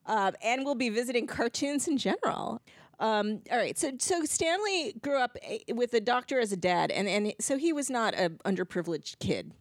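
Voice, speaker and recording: A woman's voice: fairly high pitch, expressive, moderate pace, dry recording, studio quality. A woman from New Jersey hosting a podcast, talking in a chatty storytelling way and laughing easily. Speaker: podcast host. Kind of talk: casual podcast chat.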